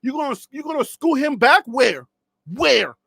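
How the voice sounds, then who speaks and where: A man from Liberia ranting on a live sports stream, animated and mocking, dropping to low asides and rising to shouts while losing his voice. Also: normal speed, creaky, no echo, clean studio sound. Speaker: sports commentator.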